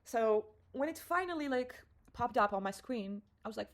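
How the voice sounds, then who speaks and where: A woman's voice: a little high, lively intonation, fairly quick, a little hiss or hum, low-quality recording. Candid young woman telling a story. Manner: candid, emotional storytelling with frequent swearing and fillers. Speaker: vlogger. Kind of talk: casual confessional vlog.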